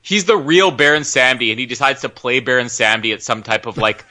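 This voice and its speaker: A man's voice: medium pitch, quick pace, bright, forceful tone. A man co-hosting a podcast, talking casually and bluntly through a film commentary with lots of laughing. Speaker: podcast co-host.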